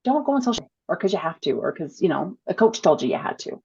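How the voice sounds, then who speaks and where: Husky, enthusiastic woman guest. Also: fairly low pitch, very animated, a little mellow, dull audio. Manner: enthusiastic, fast, laughs easily. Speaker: guest speaker coach. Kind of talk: casual conversational interview.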